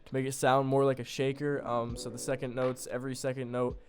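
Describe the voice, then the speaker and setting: A man's voice: medium pitch, flat delivery, brisk, darkish tone, faint music behind. A young man casually talking through how he built a beat, loose and full of fillers, poking fun at himself. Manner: loose, filler-heavy, self-deprecating. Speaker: beat producer. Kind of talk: casual tutorial narration.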